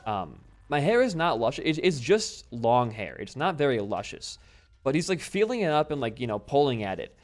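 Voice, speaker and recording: A man's voice: medium pitch, sing-song, normal speed. A young man telling a rambling story while playing a game, swearing freely and breaking off to react to the game. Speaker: gaming YouTuber.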